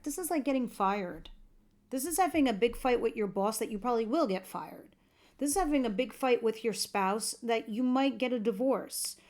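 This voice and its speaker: A woman giving a tarot reading to camera, chatty and earnest, talking straight to her viewers, a bit tired and yawning. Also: on the high side. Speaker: tarot reader.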